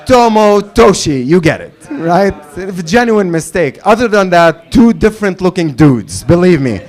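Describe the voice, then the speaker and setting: Animated stand-up comedian host, high-voiced man. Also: normal speed. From Lebanon. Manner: loud announcer calls when introducing acts; acts out both sides of dialogues, swearing. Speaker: open mic host and comedian. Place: comedy club stage with live audience.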